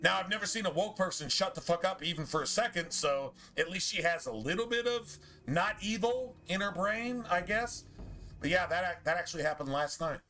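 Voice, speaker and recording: A male streamer talks over his gameplay in a heated, profane rant. His voice sits a little high for a man and sounds sharp and tense. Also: animated, fairly quick. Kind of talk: ranting chat over gameplay.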